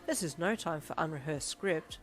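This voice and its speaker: A woman's voice: deep voice, lively intonation, normal speed, faint music behind. A woman reading a fanfiction audiobook, voicing a stiff, earnest young man who speaks in precise, formal phrases without contractions. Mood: earnest, dejected.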